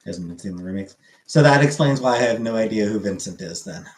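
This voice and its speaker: A man chatting casually as a streamer, answering viewer comments in a halting, rambling way with lots of fillers. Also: lowish voice, lively intonation, a little mellow, echoey room, rough recording.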